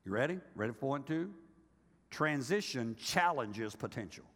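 An older male pastor preaching a sermon, animated and joking with his congregation, acting out the voices he quotes. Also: medium pitch, normal speed. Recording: reverberant hall.

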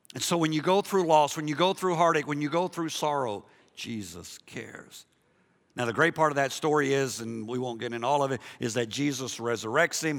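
A man preaching a sermon in a church, animated, moving from loud emphasis to hushed softness, with jokey asides to the congregation. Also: a little high, in a large hall. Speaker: pastor. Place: church sanctuary.

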